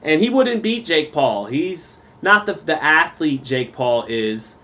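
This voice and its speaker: A man giving round-by-round boxing commentary for a live stream, relaxed and chatty, reading viewer comments aloud. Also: on the high side, slow.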